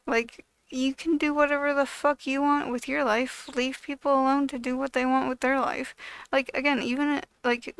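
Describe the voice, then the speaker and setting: A woman with a high voice, gravelly fry running through her words, rants bluntly and swears constantly. Her tone is smooth and clear in a dry, close space, and her speech is loose and full of fillers. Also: flat delivery, moderate pace, fairly bright tone, no echo. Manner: blunt, heavily profane, exasperated ranting; loose, filler-heavy delivery with frequent "like". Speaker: video creator. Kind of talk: ranting vlog monologue.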